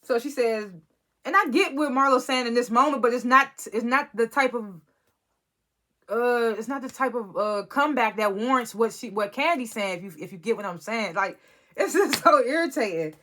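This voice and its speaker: A woman's voice: fairly high pitch, moderate pace, sharp tone. A woman giving a casual, rambling review of a reality TV episode, sounding exasperated and often restarting her sentences. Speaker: reality TV recap vlogger.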